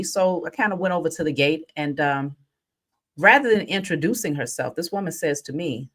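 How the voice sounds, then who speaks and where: A woman with a fairly low voice talks casually through a spiritual reading. She slips into lively, animated storytelling and speaks directly to her viewers. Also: fairly quick. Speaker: spiritual reader. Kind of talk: casual spiritual vlog talk.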